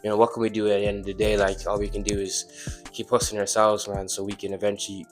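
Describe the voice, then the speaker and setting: Young guy guesting on a podcast, lowish voice, keeps stumbling over words, faint music behind. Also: completely flat delivery, quick pace. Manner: hesitant, stumbles and repeats words. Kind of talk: casual podcast chat.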